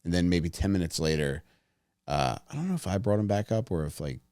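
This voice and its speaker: A man's voice: low-pitched, expressive, a little fast, mellow, clear, resonant tone, no echo. A man hosting a casual podcast, telling stories in a laid-back way. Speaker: podcast host. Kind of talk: casual chat.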